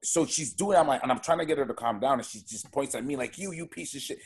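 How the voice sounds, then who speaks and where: Husky man talking bluntly. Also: medium pitch, fast talker. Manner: emphatic, blunt, heavy swearing. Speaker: podcast guest, wrestler. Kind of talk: casual podcast chat.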